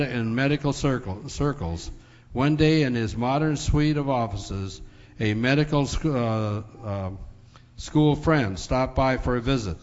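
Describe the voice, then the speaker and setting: A man preaching, telling a story in a folksy way with filler pauses, recorded dull in a large hall. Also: mid-range voice. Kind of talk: sermon storytelling.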